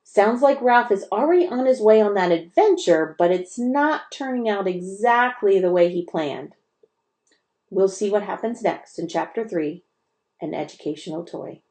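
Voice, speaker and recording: A woman, a teacher, reading a children's chapter book aloud in an expressive storytelling manner. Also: mid-range voice, moderate pace. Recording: roomy echo.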